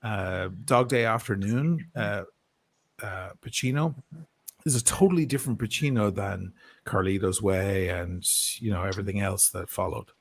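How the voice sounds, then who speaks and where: A man in casual conversation who swears freely and drops into quick impressions of film actors. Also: lowish voice. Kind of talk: casual chat.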